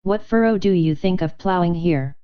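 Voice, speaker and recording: A woman voicing a charming, ingratiating male nobleman with a caressing, flattering way of speaking, in an audiobook. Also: fairly low pitch, normal speed, clean tone, lo-fi sound, lightly acted. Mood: probing.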